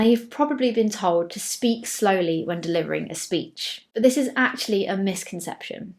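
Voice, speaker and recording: An English woman presenting public speaking tips to camera in a clear, measured, scripted delivery that slows down for each key tip. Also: medium pitch, darkish tone.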